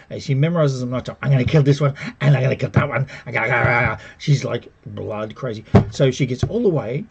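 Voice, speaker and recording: Sarcastic gravelly man reviewing TV. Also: mid-range voice. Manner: animated, sarcastic, mocks characters with put-on quotes. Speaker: TV show reviewer. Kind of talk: casual spoken review.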